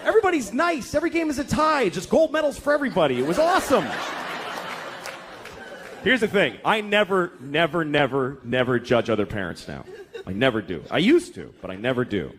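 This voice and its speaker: Profane stand-up comic man, lively high voice. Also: fairly quick. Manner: profane, exasperated storytelling. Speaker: stand-up comedian. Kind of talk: stand-up comedy set. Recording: live club with audience laughter and noise. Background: crowd laughing.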